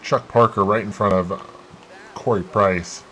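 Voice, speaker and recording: Excitable man commentating a racing game. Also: on the low side, unhurried, a little hiss or hum, rough recording. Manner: excitable, bursts into loud exclamations. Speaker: gaming channel host. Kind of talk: live play-by-play of a racing game.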